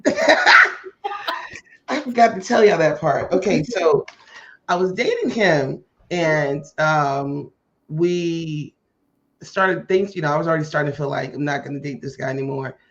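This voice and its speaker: Animated woman telling a story, muffled audio. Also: deep voice, unhurried. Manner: animated, acts out quoted dialogue. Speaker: podcast host. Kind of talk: casual storytelling chat.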